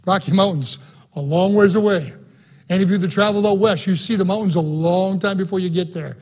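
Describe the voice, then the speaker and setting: A man's voice: sits high, a little fast, darkish tone. A man preaching a sermon, repeating phrases and building to fervent, emphatic peaks. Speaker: pastor. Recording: broadcast sermon.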